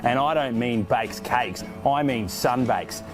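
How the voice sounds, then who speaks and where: A man's voice: medium pitch, slow pace, lightly acted. A laid-back Australian bushman played by a man rambles through directions in thick local slang. His voice sits mid-height. Music plays underneath him throughout. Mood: cheeky. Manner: rambling, folksy, full of slang. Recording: music playing over the voice.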